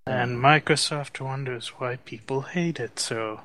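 A man's voice: medium pitch, a little slow, a bit bright, no room sound. A man on a casual tech podcast who jokes and explains things plainly.

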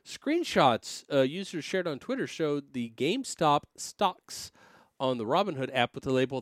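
A man's voice: mid-range voice, lively intonation, dry recording, clean studio sound. A man casually reading news aloud on a podcast, stumbling over words and joking. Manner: reads haltingly with many fillers and restarts, laughs often.

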